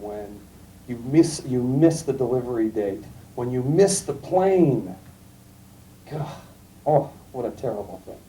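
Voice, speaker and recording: A middle-aged man giving a classroom lecture, telling anecdotes in a calm, emphatic storytelling way. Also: medium pitch. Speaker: guest lecturer. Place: lecture room. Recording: distant mic, faint room noise, archival tape.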